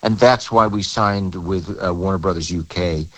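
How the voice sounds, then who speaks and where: Man, low voice, relaxed storytelling, radio interview guest. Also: moderate pace, poor audio. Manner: relaxed storytelling with repeated words. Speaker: musician guest.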